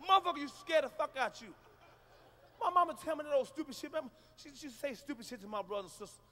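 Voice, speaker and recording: A man doing a loud, profane, animated stand-up comedy routine on a live stage. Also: very high voice, fast.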